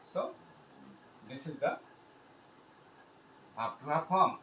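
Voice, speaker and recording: A man teaching English grammar, repeating each example sentence slowly and addressing his viewers directly. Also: fairly high pitch, expressive, bright, forceful tone, reverberant, slight background noise, rough recording. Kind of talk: grammar lesson.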